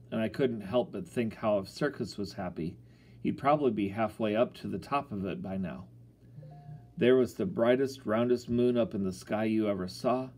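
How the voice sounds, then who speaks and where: A man's voice: fairly low pitch, mellow. A man narrating a first-person children's story in a folksy, boyish storytelling manner. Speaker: audiobook narrator.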